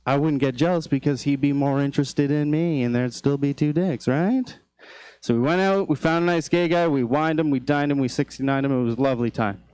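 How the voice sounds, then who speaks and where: Rambling male stand-up, smooth dry voice. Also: a little fast, no echo. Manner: loose, rambling storytelling with frequent fillers and restarts; jumps high and loud for exasperated quoted outbursts. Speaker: stand-up comedian. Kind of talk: stand-up comedy set. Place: comedy club stage.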